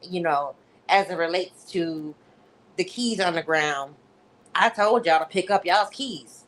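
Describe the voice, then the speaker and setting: A woman's voice: fairly low pitch, unhurried, slight background noise, close to an everyday voice. A woman mimicking a smug, prim official. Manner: prim, condescending.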